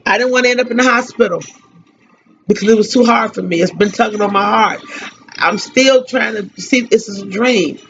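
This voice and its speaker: A woman hosting a radio tribute, grieving and tearful, speaking haltingly and repeating her phrases. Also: on the high side, fairly bright tone, slight background noise. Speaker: radio host giving a tribute. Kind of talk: emotional spoken tribute. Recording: dull lo-fi radio recording.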